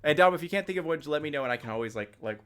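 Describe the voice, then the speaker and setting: A man running a tabletop game on a livestream, chatty and quick to laugh. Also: fairly high pitch, expressive, a bit bright, clear, resonant tone. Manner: laughing often, loose and chatty. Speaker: game master.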